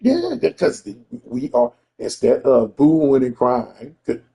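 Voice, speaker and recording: A man's voice: mid-range voice, wildly swooping pitch, slow pace, creaky, dark tone. A man telling a story in a casual, profane rant to a friend, emphatic and repeating himself.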